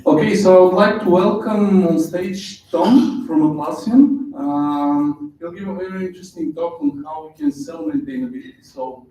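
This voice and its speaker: A high-pitched man with a mellow, dark tone introduces a speaker on stage. He sounds far from the mic in a very echoey hall. His words are brief and formal. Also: very animated, moderate pace, creaky, few pauses, a little hiss or hum. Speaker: conference host. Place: conference room.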